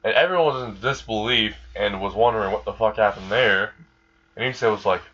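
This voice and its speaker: A man rambling through a casual fan story, swearing freely and chuckling at his own jokes. His voice sits on the low side, and the recording is dull and lo-fi. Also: a little fast, sharp tone. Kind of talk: casual fan-fiction narration.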